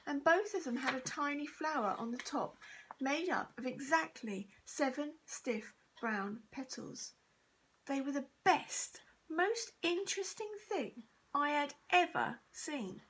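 A woman teacher reading a children's chapter book aloud, steady and expressive. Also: high-pitched, unhurried, rough recording. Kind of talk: storybook read-aloud.

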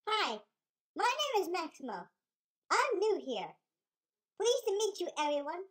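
A woman voicing a shy, polite little boy doll who is new in town, speaking softly and hesitantly in a homemade toy play. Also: extremely high pitch, wildly swooping pitch, measured pace, full character voice.

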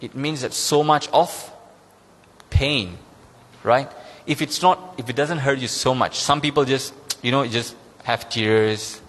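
A man preaching a sermon as pastor, emphatic and repetitive, pushing his pitch up on key points. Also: measured pace, a bit bright. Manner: emphatic, repeats key phrases, rises in pitch when stressing points. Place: church sanctuary. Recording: long hall reverb.

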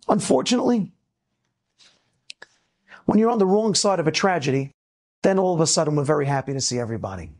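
A man from the United States gives an inspirational talk as a rabbi. His voice is gravelly and a little husky. He tells his stories in lively low asides and then presses his point in emphatic preaching. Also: fairly quick, long pauses. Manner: animated storyteller, swings between low asides and emphatic preaching.

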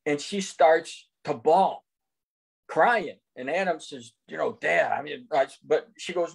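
Older guy on a zoom call telling his testimony, earnest, kinda high voice. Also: slow pace, gravelly, breathy edge. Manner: earnest, recounts dialogue in quotes. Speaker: guest giving testimony. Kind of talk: testimony storytelling. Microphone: video call.

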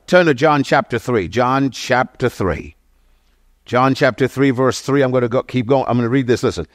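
A man's voice: mid-range voice, moderate pace, no echo, clean studio sound. A man preaching a sermon, emphatic and full of rhetorical questions to his listeners, often restarting and correcting himself mid-phrase. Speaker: pastor.

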